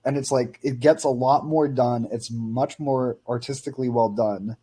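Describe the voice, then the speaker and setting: Husky young man with strong opinions. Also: medium pitch, fairly even intonation, normal speed, mellow. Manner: opinionated, lots of fillers, storytelling. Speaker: podcast co-host. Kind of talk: casual film-review chat.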